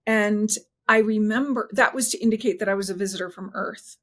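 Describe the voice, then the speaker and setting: A woman guest in an interview tells a personal story earnestly and haltingly in a mid-range voice. She often restarts her sentences and slows down when she reaches emotional moments.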